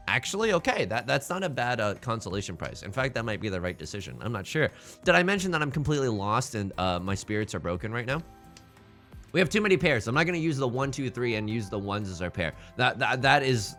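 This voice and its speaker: A male let's-play host with a mid-range voice that swings widely in pitch, climbing high when he gets worked up. He talks in a tired, melodramatic, self-mocking way and stumbles over repeated words. Faint game music plays under his voice. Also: fairly bright tone. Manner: self-deprecating, melodramatic, stammering restarts. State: tired from little sleep. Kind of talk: casual gameplay commentary.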